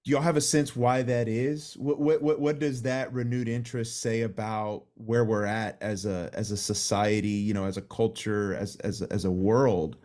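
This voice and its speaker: A man's voice: on the low side, steady tone, moderate pace, few pauses, a little mellow. A man hosting a podcast, easygoing, laughing along and asking questions with repeated words. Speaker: podcast host. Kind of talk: interviewing guests.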